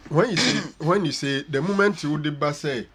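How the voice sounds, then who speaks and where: A man's voice: a little high, normal speed, a bit bright, slightly rough. A man with a Ghanaian accent, a sports pundit arguing football in a studio debate, switching between English and Twi. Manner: mixes English and Twi, argumentative.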